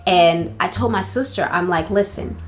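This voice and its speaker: A woman's voice: on the low side, moderate pace, a little hiss or hum. Chatty young woman telling a story. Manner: chatty, animated retelling with many "like" fillers. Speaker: vlogger telling a personal story. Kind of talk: casual storytime vlog. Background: faint background music.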